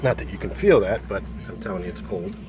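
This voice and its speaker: This middle-aged man talks fast in a low, sing-song voice while showing off a car for sale, cigar in his mouth. The casual, rambling walkaround goes from outdoors to inside the car, with street and engine noise around him.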